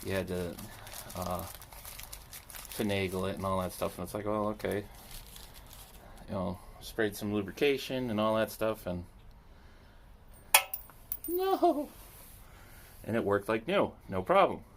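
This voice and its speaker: A man's voice: low-pitched, normal speed, a little hiss or hum. A man chatting casually and rambling while he repairs a machine, poking fun at himself as he works. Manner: rambling, self-deprecating, talks to himself while working. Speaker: landscaping business owner repairing equipment. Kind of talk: casual chat while working.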